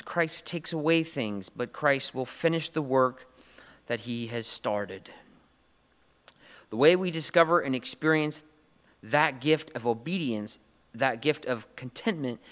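A man's voice: mid-range voice, fairly bright tone, big-room sound. A man preaching a sermon, earnest and emotional, often restarting his phrases.

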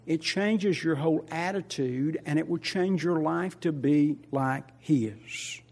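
An older pastor with a husky, fairly high voice preaches at a measured pace. He swings between loud, emphatic lines and quiet asides, repeats key phrases, and asks the congregation questions.

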